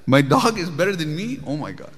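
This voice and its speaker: A man's voice: a little high, a little fast, slightly rough, long reverb tail, pitched above the performer's own voice. Eager young prince, as a man tells it. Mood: intrigued. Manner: excited, questioning. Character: young male prince, bored, easily intrigued.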